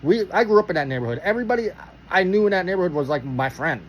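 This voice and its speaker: A man from Pittsburgh telling a story casually, animated and profane, acting out the dialogue. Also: sits high, rapid-fire, highs cut off, a little hiss or hum.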